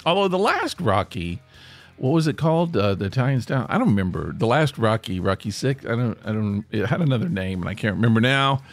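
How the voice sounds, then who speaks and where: Hoarse man rambling through a solo podcast. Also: mid-range voice, sing-song, fairly quick, faint music behind. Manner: rambling, self-interrupting, grumpy humor. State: hoarse, voice nearly gone. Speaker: podcast host. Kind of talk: casual solo podcast monologue. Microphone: podcast microphone.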